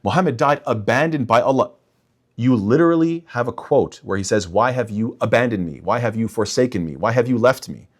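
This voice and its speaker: A man's voice: mid-range voice, expressive, a little fast, few pauses. A young man talking straight to his listeners in an emphatic religious rebuttal, often calling them "guys". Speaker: imam and apologetics speaker.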